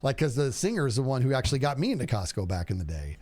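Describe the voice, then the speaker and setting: A man in his forties telling stories in a relaxed casual chat, using "dude" and "bro" a lot. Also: mid-range voice, rapid-fire. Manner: animated storyteller, says "dude" a lot. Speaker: streamer.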